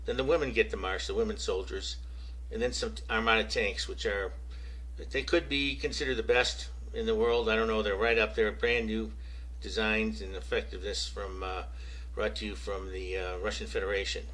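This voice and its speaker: A man's voice: fairly low pitch, fairly even intonation, normal speed, a bit bright, rough recording. An American man giving casual, opinionated political commentary, addressing viewers directly with rhetorical questions. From United States.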